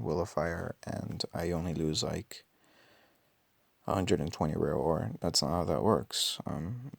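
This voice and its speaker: A man with a raspy, just-woken-up voice, thinking aloud with many ums and self-corrections during casual gameplay commentary. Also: deep voice, no room sound. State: just woke up. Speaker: mobile game player.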